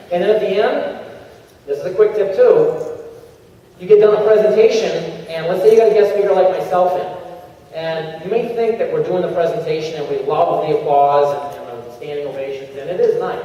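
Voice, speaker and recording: A man gives a lively coaching talk to a convention audience, acting out small scenes in shifting voices. His voice sits a bit high with a mellow tone. It reaches the mic from a distance in a big, echoey hall and sounds dull. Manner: animated, acts out little scenes in changing voices. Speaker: motivational speaker at a sales convention. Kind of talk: energetic coaching talk to a crowd.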